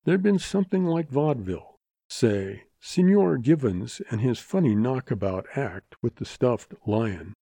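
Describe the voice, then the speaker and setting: A man narrating a western short story in a measured, expressive audiobook reading. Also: mid-range voice, vocal fry, dry recording.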